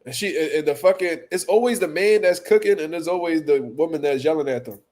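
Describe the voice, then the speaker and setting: A man's voice: fairly high pitch, a little fast. A man hosting a boxing talk show, telling funny stories casually with lots of profanity, repetition and laughter. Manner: animated, profane, laughing, repeats words. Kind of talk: casual comedic storytelling.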